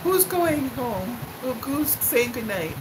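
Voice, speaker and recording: Slow-talking woman chatting to live viewers. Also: fairly high pitch, animated, noisy background. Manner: slow, rambling storytelling with fillers and laughs; chats back to viewer comments. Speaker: live-stream host. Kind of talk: casual chat to live viewers.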